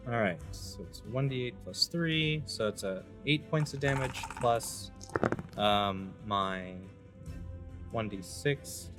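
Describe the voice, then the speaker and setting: A man playing a tabletop game, talking slowly and laughing often. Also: mid-range voice, music in the background. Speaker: player.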